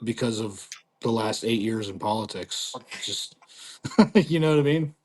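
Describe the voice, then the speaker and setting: Man, podcast guest, laid-back, agreeable, casual chat, lively pitch. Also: a little slow, a little hiss or hum.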